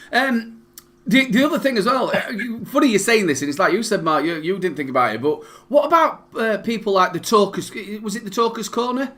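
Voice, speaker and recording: A man with a Northern English accent co-hosting a casual live chat show, telling stories in a rambling, halting way. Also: high-pitched, lively intonation, pushed and bright. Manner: rambling, halting, with many restarts and fillers. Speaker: podcast co-host.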